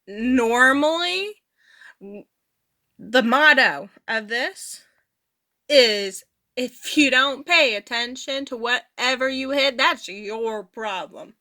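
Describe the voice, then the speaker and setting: A woman voicing a signed personal anecdote as an interpreter, casual and animated, chuckling often. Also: high voice. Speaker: sign language voice interpreter.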